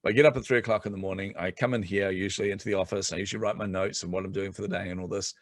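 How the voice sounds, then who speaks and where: A middle-aged man chatting on a podcast as a guest, telling animated stories and laughing often. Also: low-pitched, rapid-fire, no echo, clean studio sound. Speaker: guest entrepreneur. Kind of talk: casual podcast chat.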